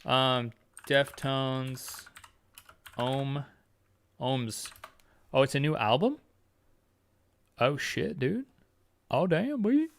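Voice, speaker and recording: A man hosting a podcast, chatting casually with viewers in a rambling, heavily profane and excitable way. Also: mid-range voice, dry recording. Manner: excitable, quick exclamations. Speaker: podcast host. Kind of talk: casual live-stream chat with viewers.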